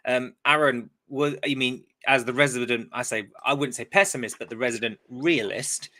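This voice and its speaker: A man hosts a podcast in an easy, conversational way, asking his co-hosts questions. His voice sits at an ordinary middle pitch. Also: normal speed, sharp tone. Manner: steers the talk with questions. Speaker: podcast host. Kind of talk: casual chat.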